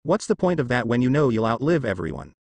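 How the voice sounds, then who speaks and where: A man's voice: mid-range voice, sing-song, fast, a little mellow, no room sound. A man voicing a cold, curt, ancient immortal man with a menacing edge.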